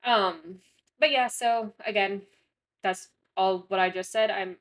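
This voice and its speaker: A woman's voice: medium pitch, fairly even intonation, brisk, fairly bright tone. A young woman chatting casually through gameplay commentary, rambling and often correcting herself mid-sentence. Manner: rambling, chatty, frequent self-corrections and fillers. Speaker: gaming content creator.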